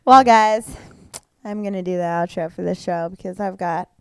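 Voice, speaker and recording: A woman's voice: fairly low pitch, moderate pace, smooth, dry recording, clean studio sound. A young adult woman talking as a podcast guest, frank and giggly, with a blunt way of speaking. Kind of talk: casual chat. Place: living room.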